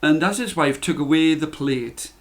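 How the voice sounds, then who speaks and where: A man narrating a children's fairy tale in a deliberate, repetitive storytelling manner. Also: on the high side, fairly bright tone.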